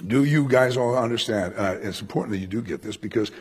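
A man, a pastor, teaching a verse-by-verse Bible sermon in a conversational way, asking his listeners questions and swinging between loud emphasis and quiet asides. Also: on the low side, fast talker, husky. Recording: echoey hall with long reverb.

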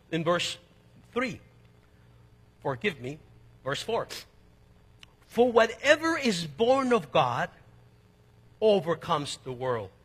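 A pastor from East Los Angeles preaching a sermon, emphatic and rising to loud peaks, with conversational asides and personal stories. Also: male voice, on the high side, slightly rough. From East Los Angeles, United States. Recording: long reverb of a large hall.

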